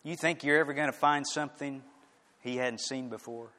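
A man preaching a sermon, swinging from loud, emphatic declarations to hushed, quiet lines. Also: medium pitch, fairly even intonation, moderate pace. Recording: echoey hall with long reverb.

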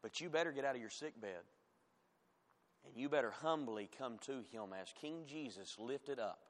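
A man's voice: mid-range voice, expressive, moderate pace. Emphatic preaching man in a reverberant church. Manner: emphatic preaching, rising loud on scripture, dropping to quiet asides. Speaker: pastor. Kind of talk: sermon. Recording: long hall reverb.

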